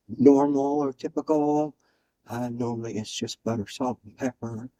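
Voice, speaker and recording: A middle-aged man with a Southern US drawl hosts a relaxed cooking demonstration. He talks in a folksy, chatty way, sharing kitchen tips at an everyday pitch for a man. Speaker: cooking channel host.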